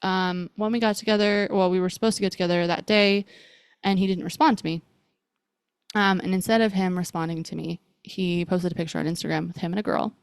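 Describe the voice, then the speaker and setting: Brief: lower-pitched female podcast host, candid rambling storytelling, dry close sound. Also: fairly even intonation, fairly quick, clean tone, no room sound. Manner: casual, rambling, heavy on fillers like "like" and "um".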